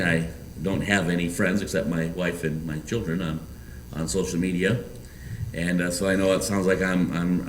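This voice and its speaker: A man's voice: on the low side, fairly bright tone, a little hiss or hum. A man preaching a sermon as pastor in a church, earnest and conversational with asides. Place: church sanctuary. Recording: echoey hall, mic at a distance, faint ambience.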